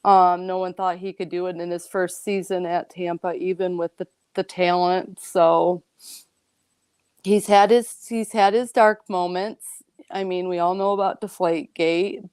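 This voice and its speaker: A woman's voice: lowish voice, darkish tone, clear, resonant tone, no room sound, clean studio sound. A woman guest on a casual sports podcast, talking earnestly and getting emotional about her favorite player. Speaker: guest commentator.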